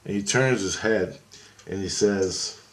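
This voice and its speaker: A man with a low, gravelly voice tells a story off the cuff. He rambles, swears freely and keeps backing up to fix his own words. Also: slow. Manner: rambling, profane, self-correcting. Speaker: vlogger recounting a dream. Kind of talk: casual spoken storytelling monologue.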